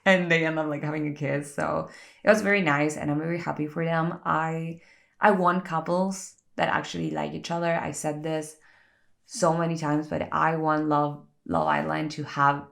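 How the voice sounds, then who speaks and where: A woman vlogger chatting casually while getting ready, chatty and animated, with lots of "like" fillers. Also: low-pitched, moderate pace, vocal fry. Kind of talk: casual get-ready-with-me chat.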